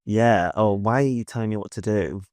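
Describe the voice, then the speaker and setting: A man's voice: fairly low pitch, brisk, darkish tone, dry recording. A man as a podcast guest, telling a personal story earnestly, with hesitations and fillers. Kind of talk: casual interview chat.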